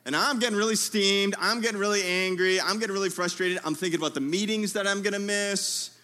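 A man preaching a sermon in a tent, telling a humorous story in a lively way and calling out to his listeners. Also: high voice, fast. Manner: lively, humorous storytelling with audience call-outs. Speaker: pastor.

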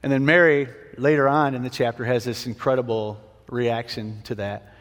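A man's voice: mid-range voice, fairly even intonation, moderate pace, a bit bright. A man teaching a Bible passage in a casual sermon, conversational and prone to restarts. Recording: long hall reverb.

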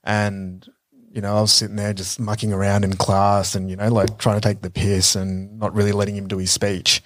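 Man telling stories, low dry voice. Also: completely flat delivery, moderate pace, no echo. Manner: reflective storytelling with many fillers. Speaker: podcast co-host. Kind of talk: casual conversational chat.

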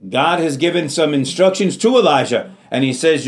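A man's voice: on the high side, lively intonation, normal speed, few pauses. Earnest man preaching a sermon. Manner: earnest, repeats phrases for emphasis, calls out amen. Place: church.

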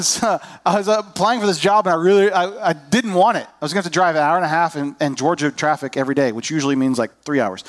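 A man preaching a sermon as a pastor, conversational and self-deprecating, acting out people's inner voices. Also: on the high side.

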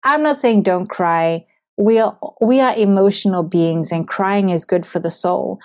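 A woman's voice: medium pitch, measured pace, a little mellow. A woman from Zimbabwe hosting a devotional podcast, talking in an earnest, reflective, conversational way. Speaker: podcast host.

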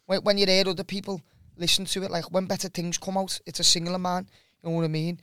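A man's voice: high voice, level tone, fast talker, bright, forceful tone, clear, resonant tone, no echo, studio quality. A man with a Scouse accent, a singer and guest on a podcast, chatting casually, swearing and often asking if you know what he means.

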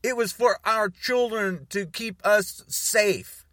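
A man's voice: high-pitched, slow, bright, forceful tone, no echo, clean studio sound. A man ranting to camera in a heated, exasperated and sarcastic monologue. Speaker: political commentator.

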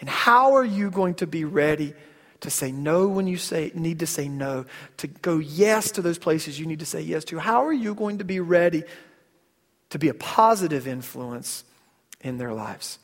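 A pastor in his thirties, his voice on the high side, animated and a bit bright, preaches conversationally at a moderate pace in a church sanctuary. His sermon is casual and full of stories, with frequent word repetition at sentence starts and long hall reverb.

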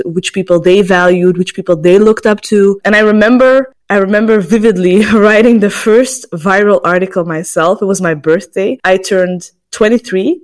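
A young woman in her twenties speaks as a podcast host. She tells her own story in a reflective, personal way. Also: mid-range voice. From Belgium. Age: 20s. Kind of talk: scripted podcast monologue.

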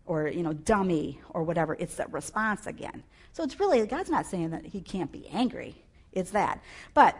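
A woman delivering a sermon in an animated, emphatic way, her voice jumping into loud bursts. She sits at a middle pitch for a woman and speaks into a clip-on mic. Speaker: preacher.

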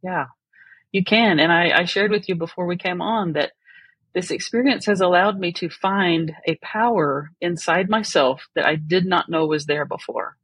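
A woman guest tells her story in an earnest, reflective way. Her voice has a slightly husky edge. The recording is dry and close to the mic. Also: lowish voice, normal speed, a bit bright, no room sound. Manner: earnest and reflective, laughs often. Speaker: podcast guest. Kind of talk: personal story in an interview.

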